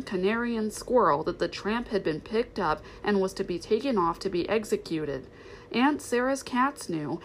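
A woman reading a children's storybook aloud in an expressive, steady narration. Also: medium pitch, slight background noise, low-quality recording. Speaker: reader.

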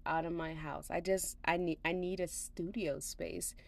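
A woman's voice: on the low side, level tone, unhurried, creaky, few pauses. A slightly tired woman hosting a podcast from home, rambling casually with lots of fillers and laughs. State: a little tired. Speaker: podcast host.

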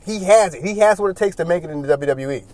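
A man giving casual solo commentary as a wrestling reviewer, rambling and animated, with many "you know"s. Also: high-pitched, fast.

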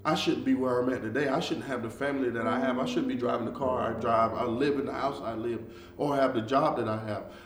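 A man preaching an online devotional sermon, moving from quiet reflection to loud, fervent, repetitive exhortation. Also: mid-range voice, fairly even intonation, quick pace, few pauses, recorded from a distance. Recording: echoey room, off-mic, guitar music behind. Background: soft guitar music.

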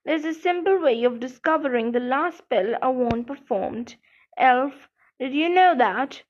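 A gruff, blustering middle-aged wizard official, as a woman reads him, growling and accusing at a slow pace. The audiobook recording sounds dull. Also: high voice, lively intonation, noisy background.

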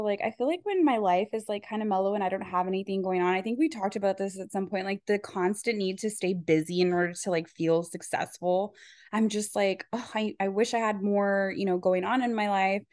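A woman's voice: mid-range voice, a little fast, a little mellow, no room sound, clean studio sound. A woman hosting a podcast in casual chat, talking in a chatty, rambling way with lots of filler words. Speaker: podcast host.

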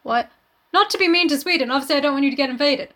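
A woman's voice: high voice, racing, a bit bright. A woman co-hosting a casual book podcast, rambling animatedly through her thoughts and cracking jokes. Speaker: podcast co-host.

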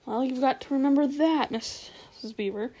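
A woman's voice: high-pitched, normal speed, mellow. A woman voicing an anxious, sensible girl who speaks urgently, in a storybook reading. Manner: urgent, worried.

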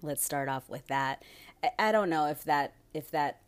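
A woman's voice: low-pitched, normal speed. A young woman hosting her own podcast, talking alone in a candid, profane way and laughing often. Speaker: podcast host. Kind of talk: casual solo podcast monologue.

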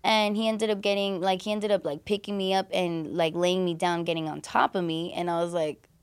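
A woman's voice: fairly low pitch, level tone, a little fast, clean tone. A young adult woman, a podcast guest, telling her own story candidly in blunt, profane, casual speech full of "like". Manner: blunt and profane, heavy use of "like".

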